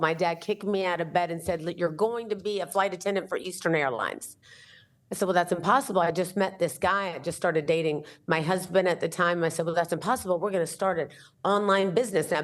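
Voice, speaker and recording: A woman in her fifties, an entrepreneur guest telling a story in an interview and acting out the dialogue as she goes. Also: on the low side. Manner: animated, acts out the dialogue in her stories.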